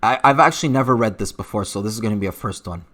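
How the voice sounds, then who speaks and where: A man's voice: fairly low pitch, racing, fairly bright tone. Blunt, profane man with an accent. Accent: unidentified accent. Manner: blunt and profane, with frequent fillers. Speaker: streamer reading live chat. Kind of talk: casual livestream commentary.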